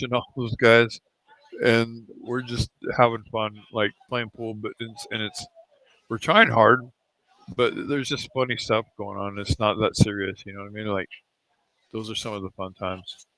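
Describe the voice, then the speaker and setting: Bright-toned laid-back pool commentator man. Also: mid-range voice, dry recording, poor audio. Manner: laid-back, chatty, rambling anecdotes with chuckles. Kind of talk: casual live pool commentary. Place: pool hall venue.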